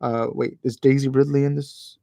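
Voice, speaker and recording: A man's voice: mid-range voice, flat delivery, normal speed, warm tone, no room sound. A man hosting a casual live-stream chat at home into a handheld microphone. He rambles, stumbles over words, restarts often and keeps apologizing for his opinions. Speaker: channel host. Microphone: handheld microphone moved closer while talking.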